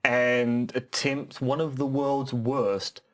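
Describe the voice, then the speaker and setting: A man's voice: mid-range voice, level tone, slow, a bit bright. A man with a New Zealand accent, co-hosting a comedic podcast with dry, sardonic remarks and news reading. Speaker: podcast co-host.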